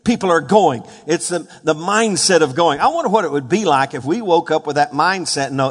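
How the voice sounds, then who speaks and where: A man preaching a sermon, fervent, building to shouted peaks and asking the congregation questions. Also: a little high, animated, brisk, hardly any pauses, slightly rough. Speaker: pastor. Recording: long hall reverb.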